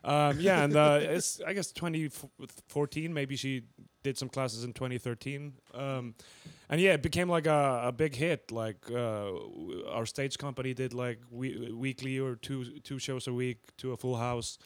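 A young man from Iceland, a native Icelandic speaker, chats as a guest on a podcast. He talks in halting bursts full of fillers and easy laughter. His voice sounds dry and close, with no room around it. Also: mid-range voice, no room sound. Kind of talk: casual chat.

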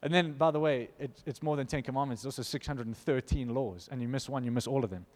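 A man preaching a sermon to his church, impassioned, swinging from loud to hushed. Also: medium pitch, quick pace. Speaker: pastor. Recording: long hall reverb.

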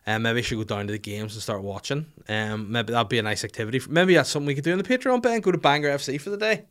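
A man in his thirties hosts a podcast and chats casually. His talk rambles, with crude jokes along the way. His voice sits at an ordinary middle pitch. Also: very fast, a bit bright. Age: 30s. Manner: crude, rambling comic banter. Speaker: podcast host. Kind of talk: casual chat.

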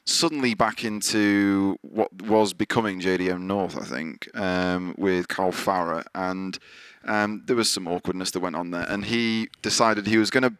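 A man's voice: sits low, fairly even intonation, normal speed, hardly any pauses, a bit bright, clean tone, no echo. A man hosting a podcast, telling a long story in casual chat, swearing freely and acting out what others said. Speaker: podcast host. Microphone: podcast microphone.

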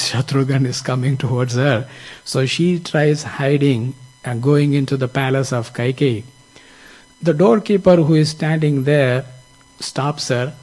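A man's voice: medium pitch, a little mellow, rough recording. A man teaching from a scripture story, explaining its lessons in a reflective, explanatory way. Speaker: spiritual teacher.

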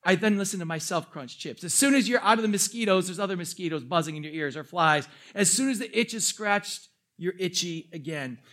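Animated high-voiced male preacher. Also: a little fast, hardly any pauses. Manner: animated, self-mocking storytelling with jokes. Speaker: pastor. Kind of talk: sermon.

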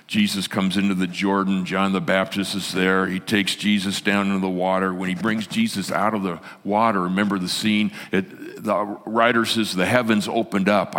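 Male pastor, sermon, animated delivery, bright tone, long hall reverb. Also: low-pitched. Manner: animated, swinging from loud to hushed.

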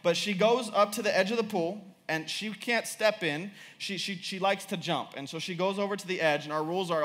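In an energetic sermon full of repetition, a young man chuckles his way through stories about his daughter. Both his laughter and his rising pitch come quickly.

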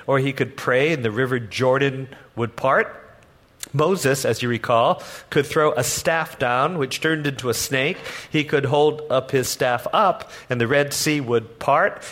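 A man preaching a sermon as pastor, telling the story in a lively way and acting out the people in it with humor. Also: mid-range voice. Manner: animated storytelling, acts out voices with humor.

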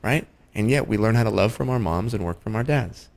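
A man's voice: on the low side, lively intonation, brisk, darkish tone. A man who is a father, hosting a casual conversation and reflecting with empathy. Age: adult father.

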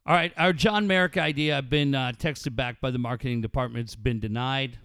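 A man's voice: mid-range voice, a little fast, a bit bright, clear, resonant tone, no room sound. A man hosting a sports radio show in a studio, talking bluntly and joking with plenty of swearing. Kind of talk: casual radio chat.

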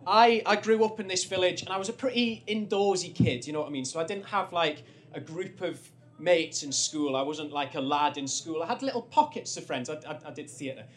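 A man's voice: on the high side, fairly quick, hardly any pauses. A young man from North East England telling a funny personal story on stage, rambling and self-deprecating, with many restarts.

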